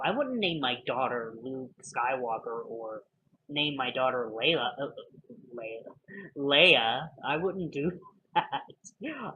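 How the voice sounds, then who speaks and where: A man's voice: on the high side, narrow, tinny audio, slight background noise. A man giving a casual spoken film review, rambling with many fillers and restarts.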